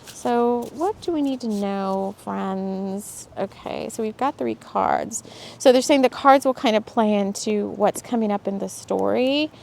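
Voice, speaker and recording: A woman's voice: medium pitch, unhurried, vocal fry, a little mellow, slight background noise. A woman hosting a casual spiritual talk and tarot reading, rambling and chatty with frequent laughs and fillers. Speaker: spiritual host and tarot reader.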